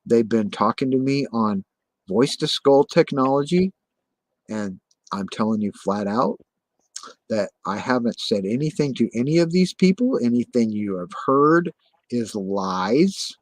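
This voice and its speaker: An agitated man tells his story in rough, profane bursts and circles back to the same insistence over and over. His voice sits at an ordinary middle pitch. The recording is dry, with no room sound. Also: lively intonation, a little slow, dry recording. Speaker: guest telling his story. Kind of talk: casual conversation.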